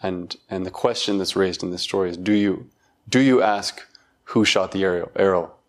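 A middle-aged man giving a reflective talk, thoughtful and halting, with self-deprecating laughs. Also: low voice. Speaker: dharma talk speaker.

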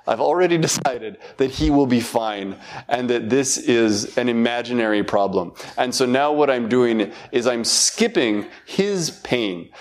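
A middle-aged man giving a reflective talk, thoughtful and halting, with self-deprecating laughs. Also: medium pitch. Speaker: dharma talk speaker.

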